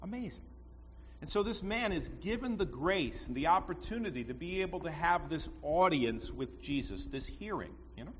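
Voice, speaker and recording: Conversational preacher in a reverberant church. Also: male voice, a little high, animated, moderate pace. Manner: storytelling, conversational with rhetorical asides. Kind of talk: sermon. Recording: long reverb, faint background noise.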